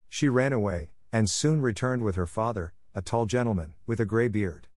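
Low dry male voice reading a classic story, steady and measured. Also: no echo. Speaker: audiobook narrator. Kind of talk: scripted storybook narration.

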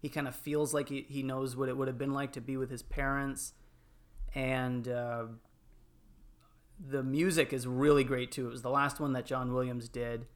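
A man in casual podcast chat, telling film moments with lots of fillers and animated retellings. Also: mid-range voice, moderate pace. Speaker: podcast panelist.

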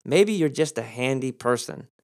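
A man teaching the Bible on his podcast in a casual, conversational way, jumping up in pitch to stress points. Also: moderate pace. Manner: conversational, animated pitch jumps for emphasis.

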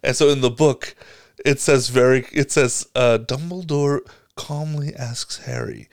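Male podcast co-host; lively storyteller; clean close-mic sound. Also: mid-range voice, measured pace, no room sound. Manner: animated storyteller, acts out scenes with loud impressions. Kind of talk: casual chat.

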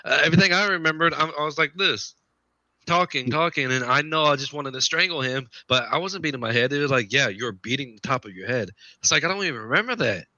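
A man's voice: fairly high pitch, fast, bright, forceful tone, no room sound. A man telling his paranormal investigation stories in a casual, rambling way, often repeating himself. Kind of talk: casual podcast storytelling. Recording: dull lo-fi podcast audio.

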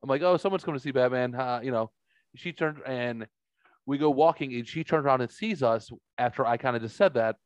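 A man's voice: mid-range voice, moderate pace, clean tone, dry recording, poor audio. A man in his forties telling a rambling, profane story in casual chat, acting out the other people's voices. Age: 40s.

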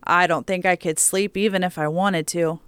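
A woman's voice: fairly low pitch, fairly even intonation, normal speed, a bit bright, clean tone, dry recording, lightly acted. A woman voicing a blunt, protective young man, tired and plain-spoken, in an audiobook story. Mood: weary.

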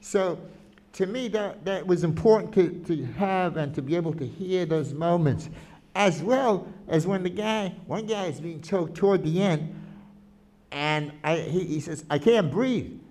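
A man's voice: high voice, a little slow. A man being interviewed about his documentary footage, talking animatedly with frequent restarts. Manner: animated, restarts often, quotes people he filmed. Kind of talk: conversational interview.

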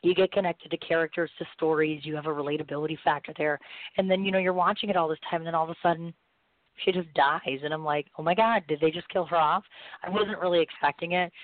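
A woman hosting a radio talk show, hoarse from losing her voice, chatty and self-deprecating as she gushes over her guest. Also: sits low, fairly even intonation, fast talker, no echo. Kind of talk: casual chat. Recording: tinny phone line.

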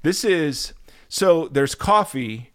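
A man's voice: a little high, lively intonation, clean tone, no room sound. A man in his thirties co-hosting a casual podcast, joking and teasing his partner. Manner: joking, teasing, quick asides. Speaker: podcast co-host. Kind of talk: casual chat.

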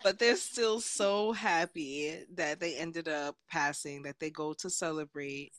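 A woman's voice: low voice, no echo. A young woman co-hosting a casual podcast, talking animatedly and acting out characters' lines. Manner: animated, acts out characters' lines in quick voices. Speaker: podcast co-host. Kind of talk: casual chat.

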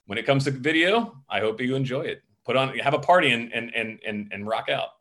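A man talking quickly, his words tumbling out in an animated, rambling way as he tells a story. He is a middle-aged film director from Florida, chatting casually as a guest on an interview show. His voice sits at an ordinary pitch. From Florida, USA.

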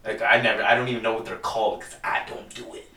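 Casual podcast guy, bright forceful voice, swears a lot, rambles, set back from the mic. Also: on the low side, level tone, fast talker, echoey room, recorded from a distance. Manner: rambling, profane storytelling with lots of "dude". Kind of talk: casual chat.

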